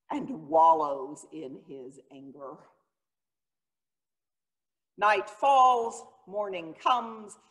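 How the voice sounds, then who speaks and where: A woman pastor giving a sermon, telling the story in an earnest, dramatic way. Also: lowish voice. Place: church sanctuary. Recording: long reverb of a church hall.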